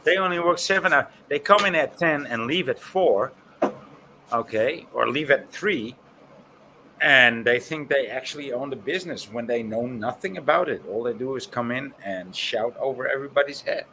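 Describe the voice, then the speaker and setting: Man, animated casual talker, bright voice, faint noise. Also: medium pitch, moderate pace. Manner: animated, laughing, swears freely. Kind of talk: casual chat.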